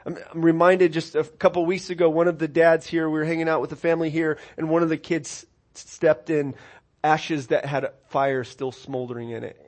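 A man preaching a sermon, earnest and personal, rising to emphatic peaks and dropping soft, often repeating words as he restarts phrases. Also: a little high, level tone, normal speed. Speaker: pastor.

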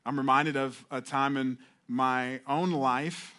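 A man's voice: medium pitch, steady tone, slow pace, bright, forceful tone. A middle-aged male pastor giving a conversational sermon, restarting phrases and acting out heartfelt prayers.

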